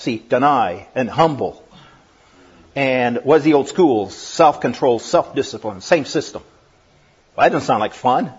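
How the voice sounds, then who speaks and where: A middle-aged man preaching a sermon, lively and given to laughing asides and acting out voices. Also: medium pitch, moderate pace, husky. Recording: dull lo-fi recording.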